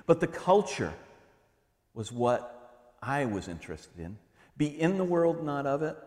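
Animated pastor preaching in an echoing hall. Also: male voice, medium pitch, measured pace, pauses often. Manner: animated, conversational preaching with asides and humor. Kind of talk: sermon. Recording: long hall reverb.

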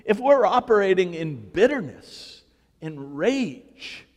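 A male pastor preaching a sermon, telling stories in an animated, joking way. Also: high voice, slow pace. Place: church sanctuary. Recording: reverberant church hall.

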